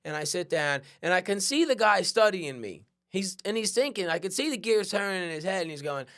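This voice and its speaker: Guy with a slightly high voice telling his own story on a podcast, chatty, keeps saying right?. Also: brisk. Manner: animated, conversational, peppers with "right?". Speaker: podcast host. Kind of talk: storytelling monologue.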